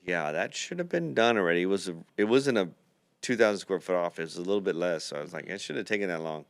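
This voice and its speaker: A man's voice: low voice, animated, quick pace, no room sound. A man hosting a podcast, telling a long rambling anecdote full of quoted dialogue in a casual chat. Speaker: podcast host, dental builder.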